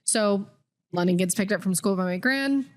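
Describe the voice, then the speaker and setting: A woman's voice: medium pitch, normal speed. A woman in her twenties, a podcast co-host, telling a personal story candidly with lots of "like.". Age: 20s. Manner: candid, filler-heavy with frequent "like".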